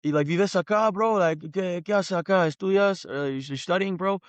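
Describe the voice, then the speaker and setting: A guy doing a loud, joking young local who ribs a stranger on the street, voice pitched way up and pushed hard. the clip is close and dry, with no room sound. it's a quick bit inside a podcast story. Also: no room sound, close to an everyday voice. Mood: teasing. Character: teasing young Argentine man on the street.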